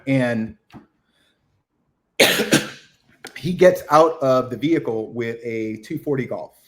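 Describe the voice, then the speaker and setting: A middle-aged man, a retired military chief, telling a combat story as a podcast guest, acting out the shouted orders. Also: mid-range voice, slow. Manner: animated war storytelling, acts out shouted quotes. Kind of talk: casual storytelling interview.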